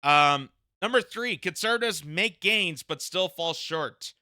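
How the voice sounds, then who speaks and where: A man with a slightly high, piercingly sharp and smooth voice, recorded dry and close. He reads news copy aloud and breaks off into combative opinion, hammering points home by repeating himself. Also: animated, measured pace, no room sound. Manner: combative, repeats phrases for emphasis. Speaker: political commentator.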